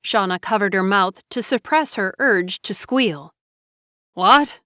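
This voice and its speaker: A woman narrating a novel with even, unhurried storytelling. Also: mid-range voice, no echo, studio quality. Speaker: audiobook narrator. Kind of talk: scripted narration.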